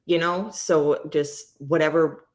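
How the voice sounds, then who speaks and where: A woman's voice: sits low, fairly even intonation, slow, darkish tone. A woman hosting a casual live chat, talking candidly and ramblingly and swearing freely. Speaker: host.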